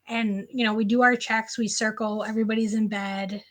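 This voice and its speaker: A woman guest on a podcast interview, telling a personal story in an animated, casual way, full of "like" fillers. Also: on the high side, normal speed.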